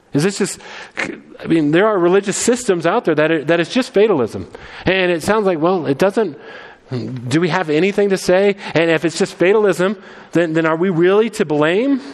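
A man's voice: on the high side, in a large hall. A man preaching a sermon, emphatic and conversational, often repeating words as he restarts his sentences. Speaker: pastor.

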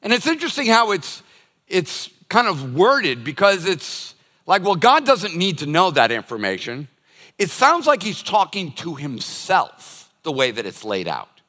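An older male pastor delivers a sermon in a forceful, bright voice pitched a little high. He tells stories and acts out everyday moments as he preaches. His words ring out with the long reverb of a large hall. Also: wildly swooping pitch, measured pace. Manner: storytelling, acting out everyday scenes.

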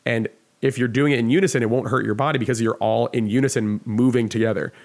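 A man's voice: mid-range voice, fairly even intonation, fast talker, a little mellow. A man guesting on a podcast, telling a long casual story full of "like" fillers and the odd swear word.

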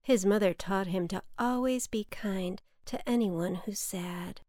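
A woman hosting a children's story podcast, narrating in a gentle, soft and soothing scripted style. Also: mid-range voice, measured pace, few pauses, no echo, clean studio sound.

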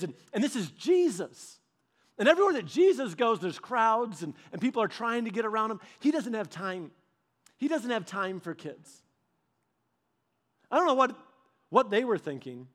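Pastor guy in his 30s, fairly high voice, chatty sermon full of "like", does little voices for everyone in his stories. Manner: animated, acts out quoted voices; conversational, with filler "like" and restarts. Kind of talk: casual storytelling sermon.

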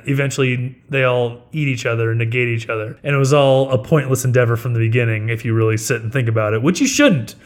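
A man co-hosting a podcast, talking about a movie in a wry, blunt and joking way. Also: mid-range voice. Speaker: podcast co-host. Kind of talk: casual film review chat.

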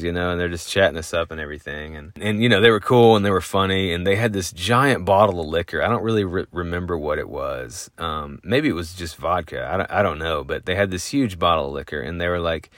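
Podcast host, a man with a very deep voice, rambling through a casual story. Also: fairly quick, few pauses, a bit bright, no echo, clean studio sound. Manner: rambling, lots of fillers, chuckling.

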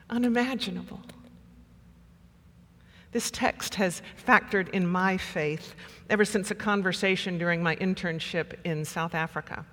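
A pastor preaching a sermon with measured delivery and dramatic pauses. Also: mid-range voice, expressive, fairly bright tone, big-room sound.

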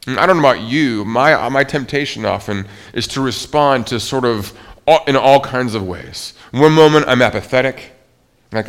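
A man's voice: medium pitch, moderate pace, fairly bright tone. A male pastor preaching a sermon in a conversational way, often restarting his sentences. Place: church.

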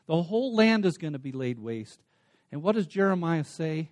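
A man preaching a sermon, dropping to soft asides and then rising to emphatic, stretched-out words. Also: a little high, big pitch swings. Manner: swings between soft asides and emphatic raised passages; slows down to stress single words. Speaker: pastor.

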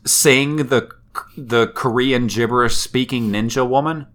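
A man's voice: mid-range voice, a little slow. A man co-hosting a podcast, retelling a cartoon episode in casual chat with wry, swearing humor. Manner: animated storytelling, wry and swearing. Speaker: podcast co-host.

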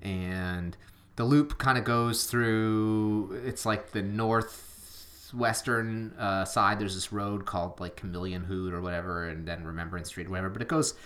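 A man's voice: fairly low pitch, steady tone, a little slow, fairly bright tone. A man co-hosting a podcast, chatting casually in a rambling, self-deprecating way with lots of fillers. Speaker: podcast co-host. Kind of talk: casual chat.

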